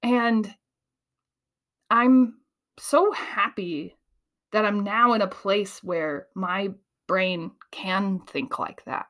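Animated woman telling a story, laughing. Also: medium pitch. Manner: quick, tumbling flow of ideas. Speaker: host. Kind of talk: casual monologue.

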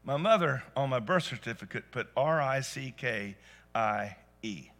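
A man preaching a sermon to a church congregation, telling stories and rising to loud emphatic peaks. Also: medium pitch, animated, measured pace, faint music behind. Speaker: pastor. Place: church service.

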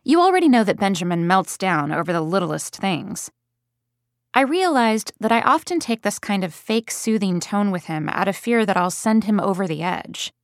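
A woman's voice: medium pitch, sing-song, moderate pace, no echo. A mother recounts a story about her young son in a plain, conversational way, as read by a woman. The recording is dry and close. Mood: storytelling. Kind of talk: audiobook first-person reading.

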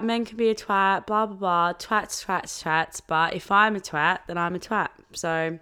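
A woman's voice: fairly low pitch, fairly even intonation, a little slow, sharp tone, clean tone. A young woman hosting a podcast after a few drinks, giggling and swearing as she rambles. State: tipsy. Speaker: podcast host. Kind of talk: casual tipsy podcast chat.

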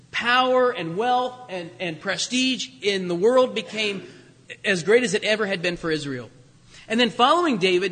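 Male pastor, conversational sermon, slightly husky and high, lifts his voice for key points. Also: fairly bright tone, big-room sound. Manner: conversational preaching, rising for emphasis.

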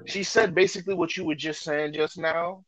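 Loud joking podcast co-host man. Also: on the high side, fairly even intonation, normal speed, no echo, poor audio. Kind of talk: casual podcast chat.

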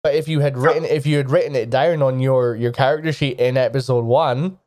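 A man narrating a tabletop game as game master who speaks haltingly, with frequent restarts. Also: medium pitch, steady tone, darkish tone.

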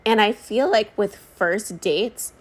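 A woman in her thirties talks in a loose, conversational way, full of fillers and asides. She is pregnant and hosting her own show, telling stories to her listeners at an easy, middle pitch. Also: takes it slowly, breathy edge. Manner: chatty, rambling, many fillers and asides. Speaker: podcast host. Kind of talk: casual storytelling chat.

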